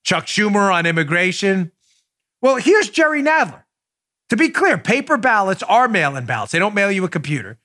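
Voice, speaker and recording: A man hosting a political talk show, excitable and loud, with a sarcastic edge. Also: sits high, normal speed. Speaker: podcast host.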